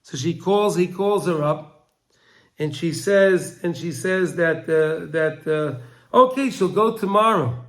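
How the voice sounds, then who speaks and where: A man's voice: on the high side, slow pace. A man teaching a Torah lesson through a story, talking emotionally and stumbling over repeated words, crying out the pleas of the people in the story.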